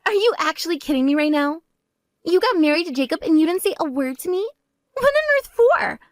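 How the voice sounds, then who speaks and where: A woman's voice: quick pace, no echo, close to an everyday voice. Woman voicing a bratty vain young woman. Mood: indignant. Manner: mocking, shrill, demanding.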